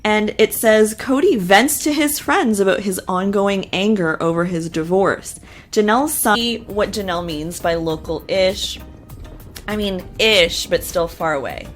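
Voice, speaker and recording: A woman's voice: medium pitch, measured pace, faint music behind. A woman hosting a casual TV recap and reaction, talking in a chatty, opinionated way with lots of fillers and asides. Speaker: show recap host.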